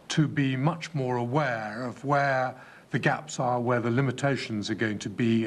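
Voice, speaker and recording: Measured man testifying formally. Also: mid-range voice, slight background noise. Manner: measured, deliberate, with frequent hesitations. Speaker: inquiry witness.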